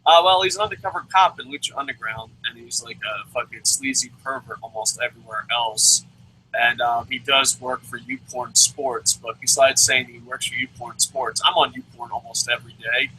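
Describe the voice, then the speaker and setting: A man's voice: medium pitch, normal speed, bright, forceful tone, a little hiss or hum, rough recording. A man co-hosting a wrestling review show in casual chat, swearing often, rambling and laughing as he goes.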